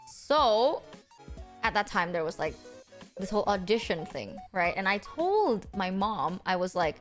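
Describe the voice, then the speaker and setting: Animated young woman telling a story. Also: a little slow, faint music behind. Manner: animated, acts out quotes with big pitch jumps; casual, swears freely. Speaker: streamer. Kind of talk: casual storytelling on a live stream.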